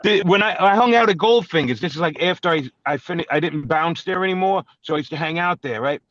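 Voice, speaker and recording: A man's voice: fairly high pitch, animated, fast talker, fairly bright tone, dry recording. A man with a Brooklyn accent, co-hosting a podcast and telling profane, brash stories full of acted-out quotes. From New York. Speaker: podcast co-host. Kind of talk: casual storytelling chat. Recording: dull, dry lo-fi recording.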